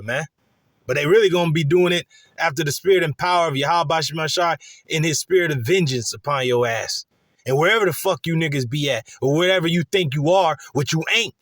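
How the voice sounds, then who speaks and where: A man's voice: a little high, a bit bright, dry recording, clean studio sound. A man preaching scripture in blunt, crude street slang, heated and loose with many fillers. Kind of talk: profane street-style scripture teaching.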